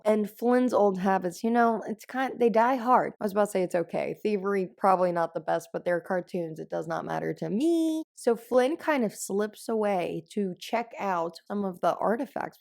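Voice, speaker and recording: Gushing woman podcast host, gravelly. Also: mid-range voice. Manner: gushing, animated storytelling. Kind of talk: casual chat.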